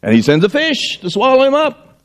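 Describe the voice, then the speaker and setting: A middle-aged male pastor preaching a sermon, telling stories in an animated way and acting out the voices. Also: brisk, smooth. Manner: animated storytelling, acting out voices with wide pitch swings.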